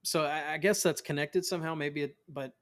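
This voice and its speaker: A man in his thirties talks casually as a guest in an interview, his voice sitting a bit high for a man. He tells stories with energy and often stops to restart or repeat a word. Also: fairly quick. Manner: animated storyteller, acts out quotes of family; many restarts and repeated words. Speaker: voice actor guest.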